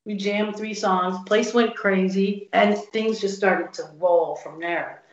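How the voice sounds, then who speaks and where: Speaking slowly, with a medium pitch and fairly flat intonation, a woman blues guitarist recounts stories in a laid-back interview and acts out the people she quotes. The recording is roomy, dull lo-fi.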